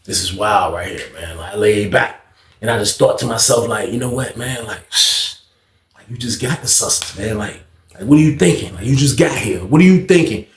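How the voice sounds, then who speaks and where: A young man casually telling a story in slang, animated and acting out the voices of others. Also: lowish voice, normal speed, reverberant.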